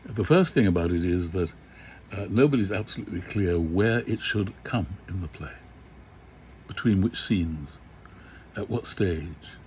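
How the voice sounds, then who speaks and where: A man's voice: deep voice, animated, a little slow, a little mellow, a little hiss or hum. An older man lecturing to an online class on a famous monologue, musing with many fillers and slipping into dramatic recitation. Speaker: literature lecturer. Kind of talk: lecture on Shakespeare with recited verse. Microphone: computer mic for an online class.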